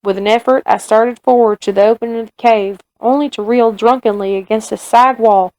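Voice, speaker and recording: A grave male frontier soldier with a Southern US drawl, as a woman reads him aloud, telling his tale in steady, measured storybook narration. The voice sits a little high for a man and sounds close and dry, with no room around it. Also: dry recording, natural voice, low-quality recording. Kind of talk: reading a novel aloud.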